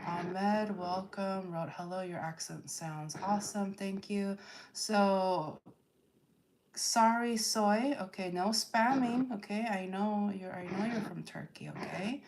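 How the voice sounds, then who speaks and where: Woman, livestream host, slow deliberate talk, lowish voice, firm manner, faint background noise. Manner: slow and deliberate, firm about chat rules. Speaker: tarot reader hosting a livestream. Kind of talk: casual livestream chat, reading out viewer comments.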